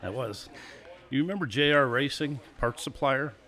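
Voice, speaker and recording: An older man in his sixties, a guest on a live show, relaxed and chatty as he tells his stories. His voice sits in an ordinary middle pitch and breaks into small chuckles between stories. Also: moderate pace. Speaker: guest, former stock car racer. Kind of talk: casual storytelling interview.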